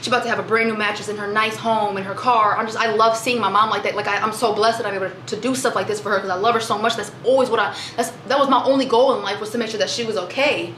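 A woman's voice: medium pitch, steady tone, fast, hardly any pauses, a bit bright. A young woman vlogging in a chatty, exclaiming way, talking to her viewers as y'all. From Michigan, USA. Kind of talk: casual chat vlog. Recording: echoey room with faint background noise.

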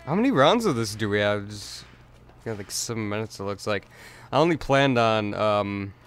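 A man's voice: lowish voice, expressive, moderate pace, clear, resonant tone. A man giving casual let's play commentary, rambling with stammered restarts and chuckles.

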